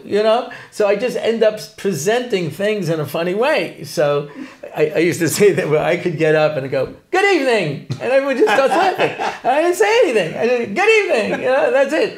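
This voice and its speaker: Animated, joking rabbi, man. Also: sits high, brisk. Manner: joking, animated, laughs often. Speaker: rabbi and Torah teacher, guest. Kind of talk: humorous interview talk.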